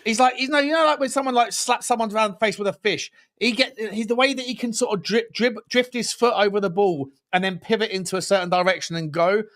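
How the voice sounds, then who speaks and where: A man co-hosting a football podcast, talking excitedly in casual slangy chat, rambling and cutting himself off mid-sentence. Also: high voice, quick pace, few pauses. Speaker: podcast co-host.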